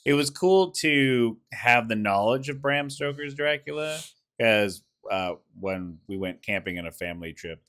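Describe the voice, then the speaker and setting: A man's voice: mid-range voice, lively intonation, fairly bright tone. A man co-hosting a casual film review chat, agreeing often and summing up plot points. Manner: agreeable, chimes in with quick yeahs and summaries.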